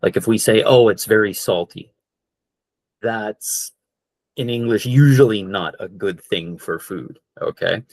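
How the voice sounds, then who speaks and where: A man teaching an online English class, slowly repeating each word and checking in with "okay?". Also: fairly low pitch, darkish tone, dry recording. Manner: slow, repeats words for practice, frequent "okay?".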